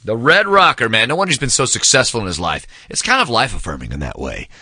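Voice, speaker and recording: A man's voice: mid-range voice, wildly swooping pitch, fast, bright, forceful tone, husky, no echo, clean studio sound. A man in his forties casually reviewing a book, telling stories with enthusiasm, acting out quotes and saying "man" a lot.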